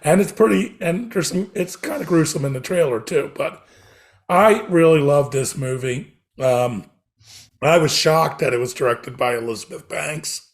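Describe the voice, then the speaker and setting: A man co-hosting a film podcast, chatting excitedly with many ums. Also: on the high side, normal speed. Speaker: podcast co-host reviewing films. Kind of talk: casual chat.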